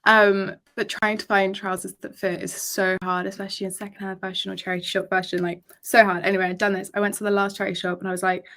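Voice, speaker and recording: A woman's voice: medium pitch, level tone, fast talker, hardly any pauses, fairly bright tone. A woman chatting as a podcast guest, telling stories and filling her speech with "like". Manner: chatty, lots of "like", storytelling. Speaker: podcast guest, secondhand fashion creator. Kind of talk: casual podcast chat.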